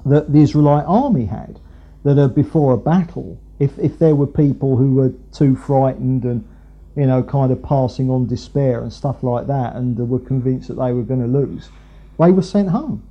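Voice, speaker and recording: A man's voice: mid-range voice, normal speed, highs cut off. A man preaching a conversational sermon, rambling with many fillers and restarts. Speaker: preacher, Bible teacher.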